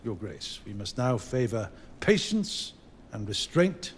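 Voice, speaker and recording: A grave older royal advisor, husky. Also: male voice, medium pitch, very animated, full character voice. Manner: measured, grave counsel. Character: stern older male royal advisor, cautious.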